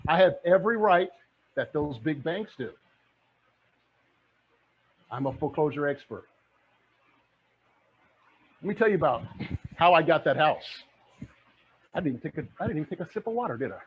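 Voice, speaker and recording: Middle-aged male mentor, high husky voice, fiery motivational pitch, muffled lo-fi recording. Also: lively intonation, moderate pace, pauses often. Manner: fired-up, preachy, repeats phrases. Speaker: guest speaker, real estate mentor. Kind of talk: motivational talk. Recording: dull lo-fi sound.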